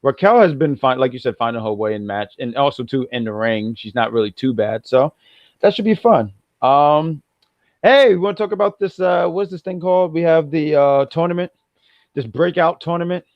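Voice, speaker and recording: A man co-hosting a casual wrestling review podcast, rambling with many restarts and bursts of loud excitement. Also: a little high, normal speed, dry recording, dull audio. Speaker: podcast co-host.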